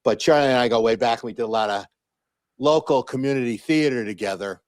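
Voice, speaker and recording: A man in his sixties telling stories as an interview guest, animated, with many restarts and fillers. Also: medium pitch, fast talker, no room sound. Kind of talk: casual interview storytelling.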